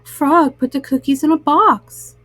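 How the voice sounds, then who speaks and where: A woman reading bedtime stories aloud to young listeners, gentle and soothing. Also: high voice, a little slow, dry recording. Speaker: storyteller.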